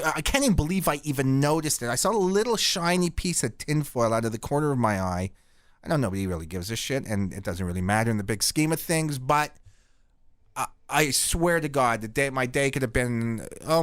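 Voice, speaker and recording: A middle-aged man from Canada hosting a podcast, telling rambling stories in a crude, deadpan comic way. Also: medium pitch, fairly quick, no echo, studio quality. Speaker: podcast host. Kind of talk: casual profane storytelling.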